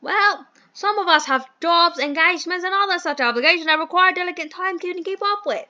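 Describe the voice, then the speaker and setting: A woman puts on a grandly pompous British gentleman from a phone dating game, all flowery speeches and fussy manners. The voice is high and bright, and it comes through a muffled, low-fi mic. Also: fast. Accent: put-on British. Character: fussy old-fashioned British gentleman, a phone box employer. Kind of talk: voicing a dating sim playthrough.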